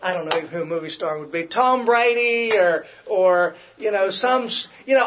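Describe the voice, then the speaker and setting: A man's voice: very high-pitched, animated, moderate pace, few pauses, fairly bright tone, a little hiss or hum. A middle-aged man preaching a conversational sermon, repeating himself and acting out quoted complaints.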